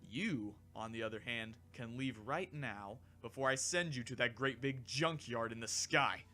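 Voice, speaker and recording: A man voicing a calm, dry, teasing alien warrior in a fan audiobook reading, unhurried and mocking. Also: mid-range voice.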